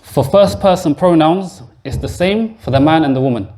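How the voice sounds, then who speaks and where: A man's voice: on the high side, normal speed, dark tone. A man teaching a classroom grammar lesson in a mosque, explaining patiently step by step and quizzing his students. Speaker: Arabic teacher.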